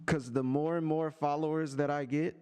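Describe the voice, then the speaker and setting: A man in a streaming setup, speaking close into a desk microphone with a voice that sits a little high for a man. He taunts a viewer in a sarcastic, sing-song way, stretching out his digs. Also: steady tone, darkish tone, clear, resonant tone. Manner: sarcastic, teasing, drawn-out taunts. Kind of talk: mocking live-stream rant to a chatter. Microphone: desk microphone and headphones.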